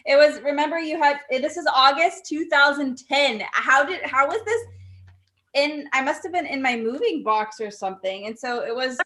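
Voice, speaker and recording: High, bright-voiced chatty woman. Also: moderate pace. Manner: chatty, rambling, searches for words. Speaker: cast member guest. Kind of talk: casual reunion chat. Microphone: video call.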